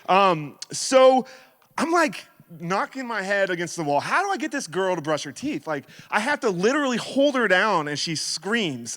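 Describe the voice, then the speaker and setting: A man in his thirties giving a sermon as guest speaker, telling stories in a playful, animated way. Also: high-pitched. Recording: reverberant hall.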